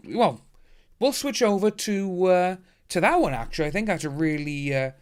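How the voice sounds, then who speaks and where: A man hosting a casual livestream, chatting upbeat and thanking viewers by name as he reads the chat. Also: a little high. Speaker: livestream host reading chat. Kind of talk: casual live stream chat.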